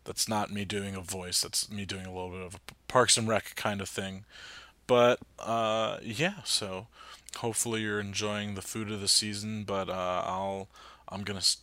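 A man's voice: fairly low pitch, flat delivery, moderate pace, pushed and bright, no room sound. A man from New Jersey hosting his podcast in rambling, casual chat full of fillers. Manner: rambling, chatty, lots of fillers and restarts. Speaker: podcast host.

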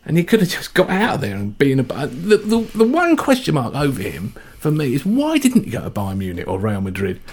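A man's voice: medium pitch, huge pitch swings, a little fast, hardly any pauses, a little mellow, slightly rough. A man hosting a casual football chat, opinionated and mocking.

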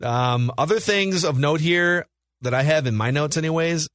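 A man's voice: fairly high pitch, normal speed, a bit bright, no echo, clean studio sound. A man co-hosting a casual film podcast, leading the talk and quizzing the others. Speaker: podcast co-host.

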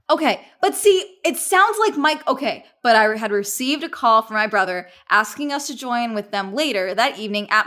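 A woman's voice: mid-range voice, bright, forceful tone. A woman hosting a podcast, chatting casually and reading out listener stories with playful, laughing commentary. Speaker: podcast host.

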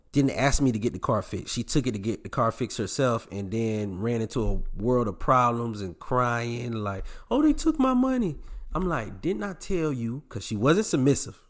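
A man's voice: lowish voice, unhurried. A man hosting a podcast, delivering a blunt, preachy monologue straight to his male listeners and swearing freely as he goes. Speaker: podcast host.

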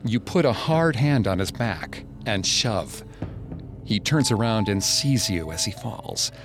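A man narrating a second-person horror story in a slow, hushed way. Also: lowish voice, lively intonation, music in the background.

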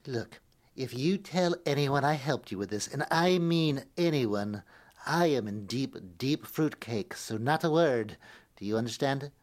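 A secretive elf coworker, voiced by a woman, speaks in an unusually deep, low register. She stumbles and hedges, dropping hints in a conspiratorial hush. It is a family radio-play performance. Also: expressive, a little slow. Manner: hesitant, conspiratorial, stumbling over words.

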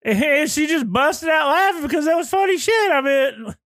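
A man in his thirties co-hosting a podcast, telling profane, animated anecdotes in casual chat. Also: extremely high pitch, moderate pace, no room sound. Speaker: podcast co-host.

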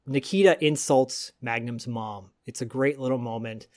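A man's voice: mid-range voice, normal speed, darkish tone. A man co-hosting a podcast, telling a story in a rambling, enthusiastic way. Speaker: podcast co-host. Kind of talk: casual chat.

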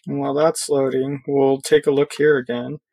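A man giving a casual screen-recorded software tutorial, thinking aloud with fillers as he clicks through. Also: mid-range voice, little pitch movement, normal speed, vocal fry, no echo.

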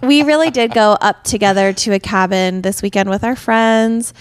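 A woman in her late twenties with a Utah accent and a medium-pitched voice co-hosts a podcast over a headset mic, with slight background noise. She's chatty and playful in casual conversation, quick to tease.

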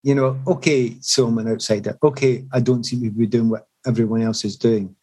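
A man's voice: mid-range voice, fairly quick, slightly rough, rough recording. A middle-aged man, a former footballer, telling reflective stories in an interview. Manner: reflective, animated anecdotes with restarts. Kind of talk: storytelling in an interview.

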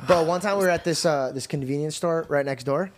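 Animated storytelling man, fairly high voice. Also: brisk, slight background noise. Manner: animated storyteller, swears casually. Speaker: podcast host. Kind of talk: casual chat.

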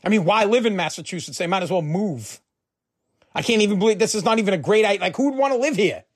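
A man's voice: high voice, quick pace. A man delivering a heated, profane political rant, fired up and repeating himself.

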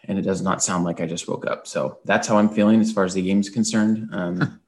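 A man's voice: low voice, steady tone, brisk, a little mellow. A man co-hosting a sports podcast, sounding tired from an early morning and talking in a chatty, rambling way. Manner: chatty, rambling, with frequent "um"s and restarts. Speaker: podcast co-host. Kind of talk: casual sports podcast chat.

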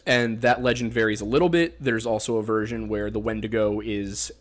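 Speaking briskly in a fairly low, steady voice, a young Pennsylvania-accented podcast host chats casually about folklore. He rambles and jokes, leaning heavily on fillers.

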